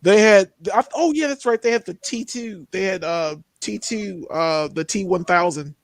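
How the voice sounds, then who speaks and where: Young guy on a movie podcast, high voice swooping all over, dry close sound. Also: moderate pace, gravelly, dry recording. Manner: animated, jumps into high exclaiming tones. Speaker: podcast co-host. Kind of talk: casual chat.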